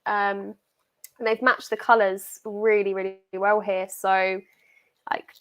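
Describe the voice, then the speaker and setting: A woman's voice: mid-range voice, flat delivery, slow pace, a bit bright, smooth. A young British woman co-hosting a casual chat, enthusiastic and full of fillers. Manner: chatty, filler-heavy, enthusiastic. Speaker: co-host.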